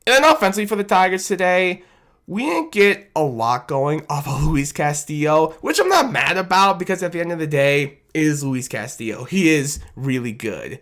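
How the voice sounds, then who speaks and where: A man giving a casual, animated recap of his team's loss as a fan commentator, self-deprecating and rambling, talking into a desk microphone. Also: on the high side, moderate pace. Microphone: desk microphone on camera.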